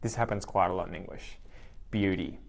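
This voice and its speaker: Australian man, lowish voice, english teacher, clear and patient, repeats each word. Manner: slow, clear, repeats words for learners. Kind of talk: live online language lesson.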